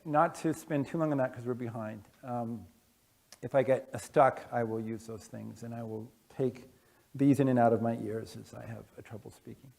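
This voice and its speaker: A man giving a casual conference talk to an audience, halting, with many fillers and restarts. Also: medium pitch, fairly even intonation, creaky, a little mellow. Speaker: conference speaker. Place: conference room. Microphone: wearing headphones with a masking device.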